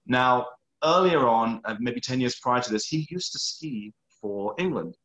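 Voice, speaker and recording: A man in conversation telling a long story with lively acted-out quotes. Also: medium pitch, a little slow, hardly any pauses, rough recording. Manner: animated, acts out quoted dialogue. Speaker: guest, skier.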